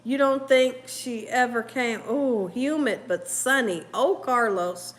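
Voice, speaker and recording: A woman's voice: fairly high pitch, slow. Chatty woman hosting a cooking stream. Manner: chatty, laughs often, reads viewer comments aloud. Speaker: cooking show host. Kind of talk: casual live-stream cooking chat.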